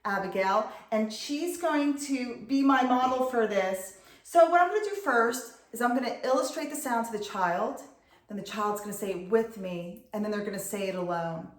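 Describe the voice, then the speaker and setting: A middle-aged woman, a reading tutor, patiently explaining and clearly sounding out syllables in an instructional video. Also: on the high side, expressive, normal speed. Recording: echoey room.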